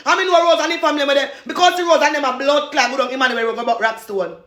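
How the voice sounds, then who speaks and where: High, sharp Jamaican woman ranting. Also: fast talker, roomy sound. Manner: loud, repetitive, laughing between insults. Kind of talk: angry cursing rant.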